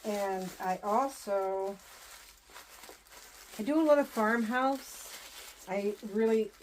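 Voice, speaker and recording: A woman's voice: mid-range voice, slow, a little mellow, slight background noise. A woman from Southern New Hampshire, chatting casually as she unboxes wreath ribbon, rambling and repeating her phrases. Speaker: wreath designer and vlogger.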